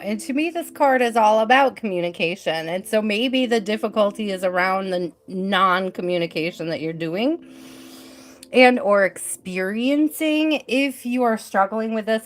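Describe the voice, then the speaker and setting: A middle-aged woman hosting a live tarot reading, chatting in an easygoing way with mild swearing. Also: medium pitch. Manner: chatty, easygoing, mildly profane.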